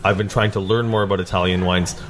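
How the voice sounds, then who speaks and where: A man's voice: low-pitched, little pitch movement, fast, fairly bright tone. A Canadian man co-hosting a wine podcast, asking chatty questions with frequent stammers. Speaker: podcast co-host. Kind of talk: casual podcast chat.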